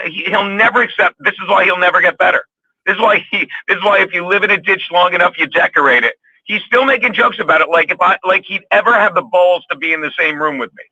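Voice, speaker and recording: A man's voice: high voice, pushed and bright, breathy edge, no room sound, muffled recording. A man on a podcast, ranting in a rambling, heated way and swearing constantly. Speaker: podcast co-host. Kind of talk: profane casual podcast chat.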